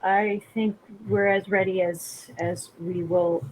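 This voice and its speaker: A woman's voice: mid-range voice, level tone, takes it slowly, a little hiss or hum, rough recording. A woman playing a tabletop game, speaking in a polite, hesitant way. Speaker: player. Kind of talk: casual chat at a game table.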